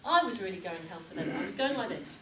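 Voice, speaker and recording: A woman giving a humorous club speech, telling a story with lively shouted reenactments. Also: mid-range voice, quick pace, crowd noise. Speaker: contest speaker. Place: club meeting room with audience. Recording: echoey room from far off, noisy.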